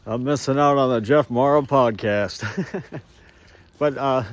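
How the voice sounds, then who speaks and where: A man's voice: mid-range voice, measured pace, no room sound. A man talking to the camera while walking an outdoor trail, rambling and joking in a casual walk-and-talk monologue, chuckling to himself, on a handheld phone. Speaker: vlogger. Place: outdoor snowy trail in rural Minnesota.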